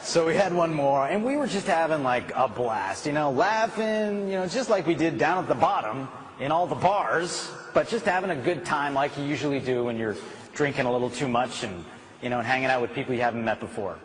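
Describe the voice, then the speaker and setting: A man giving a live motivational talk, telling a story with animated delivery. He drops low and quiet for the key points. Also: a little fast, slight background noise. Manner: animated storytelling, climbing to emphatic shouting. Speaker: motivational speaker.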